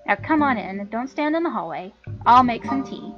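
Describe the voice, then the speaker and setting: A woman voicing a gentle, motherly middle-aged woman who welcomes guests in a soothing, hospitable way. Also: on the high side, animated, normal speed, muffled recording, music in the background, lightly acted. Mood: welcoming.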